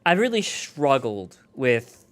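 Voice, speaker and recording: A man's voice: medium pitch, sing-song, slow, fairly bright tone. A man hosting a casual livestream commentary, chatty and self-deprecating. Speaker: host.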